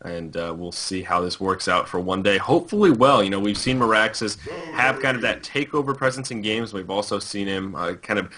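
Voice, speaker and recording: Bright, crisp man casting esports. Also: lowish voice, fairly quick, few pauses. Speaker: esports caster. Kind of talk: play-by-play esports commentary.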